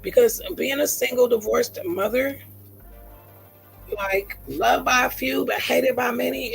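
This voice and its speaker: A woman's voice: on the high side, steady tone, a little slow, creaky, husky, faint music behind, poor audio. A middle-aged woman talking heartfelt and earnest on her own livestream, repeating phrases for emphasis. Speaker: livestream host. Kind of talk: emotional personal livestream talk.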